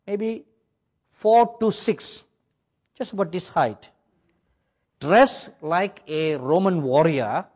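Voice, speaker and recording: A man from India delivers a sermon in English that carries a British-influenced accent. He tells his story dramatically, swinging from loud, ringing phrases to near-whispers. His voice sits a little high for a man. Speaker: preacher.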